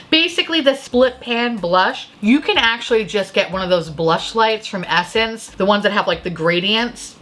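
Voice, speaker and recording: A woman's voice: mid-range voice, sharp tone. A young woman hosting a casual beauty review, ranting with profanity, sarcasm and exasperation. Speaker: beauty video host.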